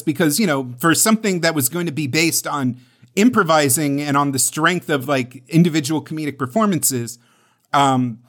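Casual podcast co-host, male, slightly higher pitch, rambling and self-deprecating. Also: a bit bright. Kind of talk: casual chat.

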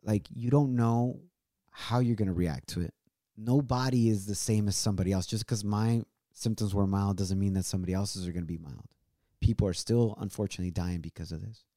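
A man in his thirties with a warm, mellow voice speaks earnestly and with open emotion as a show host. He drops Spanish phrases into his English. The sound is close and dry, as from a home studio. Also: lowish voice, fairly quick, dry recording. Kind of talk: heartfelt casual chat.

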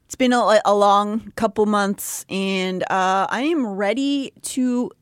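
A woman's voice: medium pitch, slow, clear, resonant tone, no echo, clean studio sound. A woman co-hosting a podcast in casual, opinionated chat, laughing easily. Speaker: podcast co-host.

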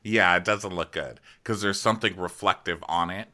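Bright-voiced man teasing sarcastically. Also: deep voice, moderate pace. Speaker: podcast co-host. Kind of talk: casual comedic recap.

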